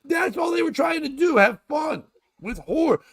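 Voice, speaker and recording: A man's voice: very high-pitched, animated, a little slow, vocal fry. A man hosting a casual comedy talk show, rambling and profane as he jokes his way through news stories. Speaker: podcast host.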